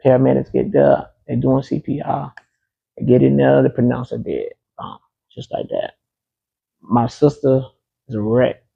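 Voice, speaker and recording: A man's voice: mid-range voice, moderate pace, creaky, husky, narrow, tinny audio. A man being interviewed, telling a personal story in a casual, emphatic way, often repeating key phrases. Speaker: interview guest.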